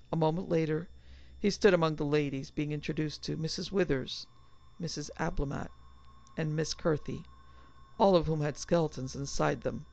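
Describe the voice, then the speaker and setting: A woman reading a horror story aloud in a measured, dramatic narration. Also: low voice, steady tone, gravelly, darkish tone, no echo. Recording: slightly dull, dry recording.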